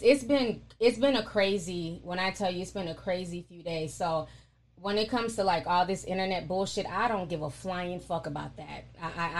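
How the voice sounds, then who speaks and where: Blunt, emphatic woman with a lowish voice. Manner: blunt, emphatic, swears freely. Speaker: online content creator speaking to her followers. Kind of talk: casual unscripted talk to camera.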